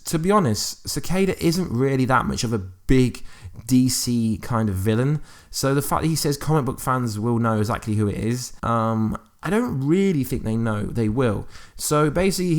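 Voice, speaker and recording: A man's voice: mid-range voice, expressive, moderate pace. Man musing over fan theories. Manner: reads quotes aloud, then muses with fillers and restarts. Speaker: YouTube fan channel host. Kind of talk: casual commentary on TV news.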